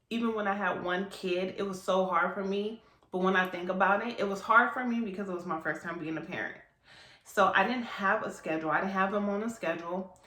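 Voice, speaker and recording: A woman vlogger and mother of three chatting casually at home, lively, laughing often and acting out what people say. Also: lowish voice, roomy sound. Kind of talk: casual chat to camera.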